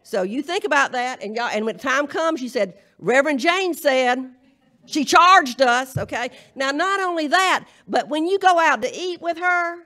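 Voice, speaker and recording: A woman's voice: high voice, animated, moderate pace, hardly any pauses, a bit bright. A woman minister with a Southern US accent, delivering a humorous, emphatic charge to a congregation at a live church service. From Southern United States. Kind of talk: folksy sermon-style charge.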